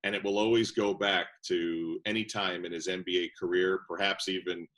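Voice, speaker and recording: Low-voiced man telling basketball stories. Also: moderate pace. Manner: lively anecdotal storytelling. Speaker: basketball broadcaster guest. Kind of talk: interview storytelling.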